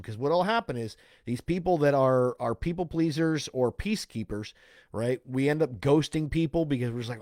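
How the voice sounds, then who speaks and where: A man's voice: a little high, expressive, fairly quick, a little mellow, no echo, studio quality. A man giving a casual self-help talk, explaining step by step and often checking in with "right?" and "okay?". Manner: casual, loose phrasing with restarts and "like".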